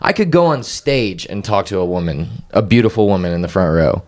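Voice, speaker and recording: A man's voice: deep voice, big pitch swings, fairly quick. A man co-hosting a podcast in casual chat, hesitant and restarting his sentences, laughing easily. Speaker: podcast host.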